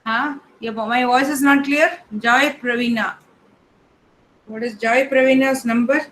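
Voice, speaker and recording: A woman teacher, calling the roll in an online class in a brisk, matter-of-fact way. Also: on the high side, fairly even intonation, fairly bright tone, slight background noise, rough recording. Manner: reads names one by one in a brisk, matter-of-fact way.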